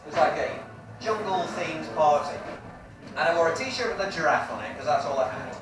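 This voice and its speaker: A man in his forties performs a stand-up set on stage, brash and crude with his punchlines. His voice is on the high side, with lively intonation and a slightly fast pace. The recording is echoey and distant, from a live room with audience noise.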